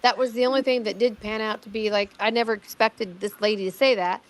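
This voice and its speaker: A fast-talking middle-aged woman with a medium-pitched voice and steady tone is a guest in a casual conversation. She recounts the amateur investigation she did herself in a rambling way, with repeated words, restarted sentences and quotes from others.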